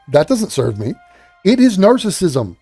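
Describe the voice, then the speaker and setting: Exasperated ranting man, lively pitch. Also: a little slow, over music. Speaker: commentary host. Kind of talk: profane reaction commentary.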